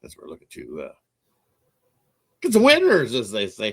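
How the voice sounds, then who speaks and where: A man's voice: wildly swooping pitch, moderate pace, husky. A man from Canada hosting a sports betting show, chatty and upbeat as he runs through picks. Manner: upbeat, chatty, jumps in pitch and loudness. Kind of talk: casual betting talk.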